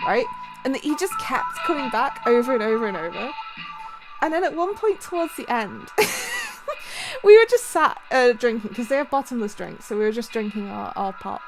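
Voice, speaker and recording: A young woman streamer telling a story casually, animated and giggly. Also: high-pitched, normal speed, rough recording. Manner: giggly, animated, breaks into laughter often. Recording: music playing underneath.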